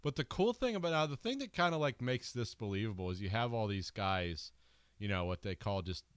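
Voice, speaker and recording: A man's voice: on the low side, lively intonation, a little fast, clear, resonant tone, no room sound. A man co-hosting a podcast, talking about a film with enthusiasm and acting out jokey lines. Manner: enthusiastic, acts out bits of dialogue in jokey voices. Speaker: podcast co-host. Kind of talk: casual film discussion.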